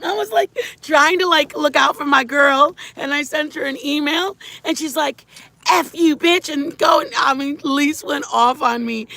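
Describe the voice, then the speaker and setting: Brief: middle-aged woman livestreamer, gravelly, slightly high, chatty and rambling. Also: unhurried, dry recording. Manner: rambling, animated storytelling, shouts greetings to viewers. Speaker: livestream host. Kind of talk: casual chat with viewers.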